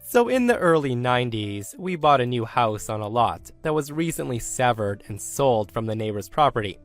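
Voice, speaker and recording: Steady male storyteller reading online posts, soft music bed underneath. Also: medium pitch, normal speed. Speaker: narrator. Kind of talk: scripted narration of online stories. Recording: faint music behind.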